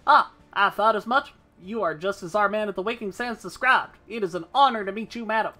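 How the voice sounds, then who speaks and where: A woman's voice: mid-range voice, brisk, bright, forceful tone, pitched above the performer's own voice. A woman voicing a polite, welcoming male personnel officer in a video game.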